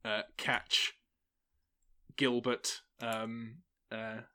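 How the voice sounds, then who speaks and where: A man narrating as game master, halting often with fillers between phrases. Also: medium pitch, flat delivery, pushed and bright, smooth.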